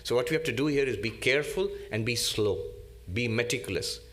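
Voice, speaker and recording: A man, a monk, giving a spiritual lecture in a deliberate, teacherly way, repeating key terms. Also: mid-range voice, a bit bright.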